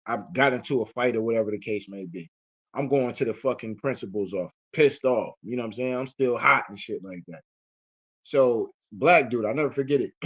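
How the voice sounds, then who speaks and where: A man hosting casual commentary, telling a story in a profane, rambling way full of fillers. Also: mid-range voice. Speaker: host. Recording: muffled lo-fi audio.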